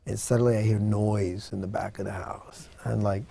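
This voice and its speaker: A man's voice: lowish voice, little pitch movement, normal speed, creaky, dark tone, breathy edge. A man telling a personal story in an interview, earnest and dramatic, acting out what people said. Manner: earnest, dramatic retelling with acted-out quotes. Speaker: guest.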